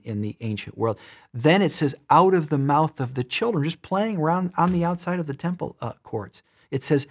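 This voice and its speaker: A man preaching a sermon in an emphatic way, repeating words and shifting between loud and soft. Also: mid-range voice, breathy edge.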